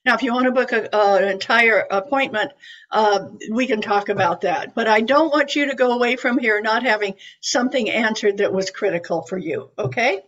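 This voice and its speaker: An eighties-aged woman gives a psychic reading over a video call, chatty and reassuring and full of fillers. Her voice is fairly high and bright, at a normal speed. The call audio sounds dull and lo-fi.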